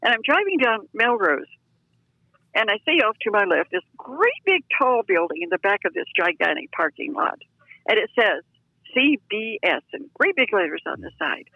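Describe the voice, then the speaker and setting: Older woman, lively storyteller, gravelly edge. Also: medium pitch, moderate pace, dry recording, highs cut off. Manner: animated, acts out voices of people in her story. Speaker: interview guest. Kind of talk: telling a personal story.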